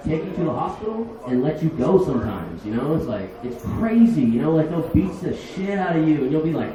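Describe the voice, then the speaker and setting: Man doing crude stand-up in a bar, slightly high voice, distant muffled recording. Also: sing-song, fairly quick, few pauses, heavy reverb, a crowd in the background. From Los Angeles. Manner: loud crude storytelling, acts out voices. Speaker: stand-up comedian. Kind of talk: stand-up set. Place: small comedy bar.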